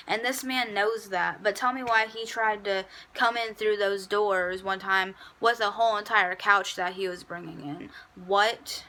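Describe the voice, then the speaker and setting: A woman's voice: mid-range voice, bright, forceful tone, rough recording. A young adult woman in a casual storytime, telling a petty workplace story in a chatty, sassy way. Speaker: vlogger.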